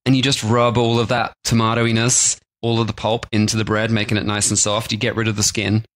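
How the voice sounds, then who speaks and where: A man's voice: on the low side, completely flat delivery, a little fast, a bit bright, no echo. A man co-hosting a food podcast, rambling and joking, with lots of "like" in casual chat. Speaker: podcast co-host.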